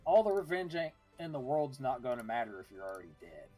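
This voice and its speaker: A man's voice: mid-range voice, very animated, quick pace, warm tone, faint music behind. A man playing a tabletop game, chatting loosely and joking, with casual swearing. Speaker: player.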